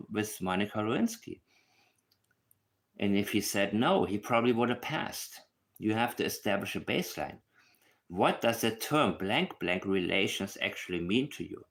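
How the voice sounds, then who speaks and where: A man's voice: lowish voice, a bit bright. A man giving casual true crime commentary alone, emphatic and repeating his points for stress.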